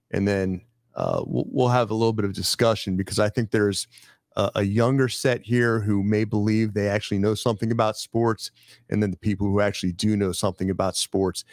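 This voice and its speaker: A man hosting a casual studio chat, brisk and jokey as he runs through a list of items. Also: fairly low pitch, steady tone, no room sound. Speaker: host. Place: studio filled with sports memorabilia.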